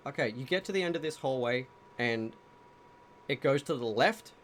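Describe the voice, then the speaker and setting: A man's voice: medium pitch, lively intonation, normal speed, a bit bright, a little hiss or hum. A man running a tabletop game show as game master, casual and profane, building tense scenes. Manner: casual, swearing, dramatic scene-setting.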